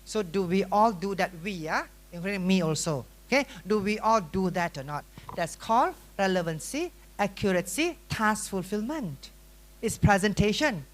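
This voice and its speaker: A middle-aged man with a Malaysian English accent, giving a lively workshop lecture that is full of questions and teasing to a room of students. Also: sits high, moderate pace. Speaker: workshop teacher. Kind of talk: classroom lecture.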